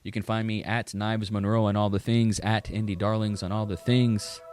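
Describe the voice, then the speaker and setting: A man's voice: lowish voice, level tone, moderate pace, over music. A man hosting a podcast, earnestly talking through an article and urging listeners on. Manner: earnest, emphatic, with filler restarts. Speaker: podcast host. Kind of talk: podcast monologue reading an article.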